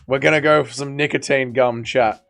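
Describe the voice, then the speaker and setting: A man's voice: mid-range voice, fairly even intonation, normal speed, creaky, a bit bright. A man hosting a casual livestream watch party, tired and hungover, rambling and swearing in slangy banter with his chat. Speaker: livestream host.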